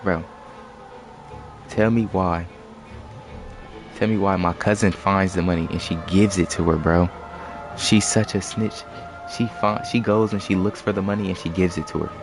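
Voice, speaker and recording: A man's voice: low voice, fairly even intonation, moderate pace. A young man telling a story in a loose, slangy, rambling way on a casual live stream. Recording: music playing behind.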